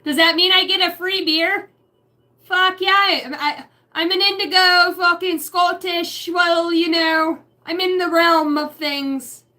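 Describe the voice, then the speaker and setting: A woman voicing a rowdy, swearing spirit that claims to be Scottish, in a loud mock accent. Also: high-pitched, steady tone, unhurried, pitched above the performer's own voice.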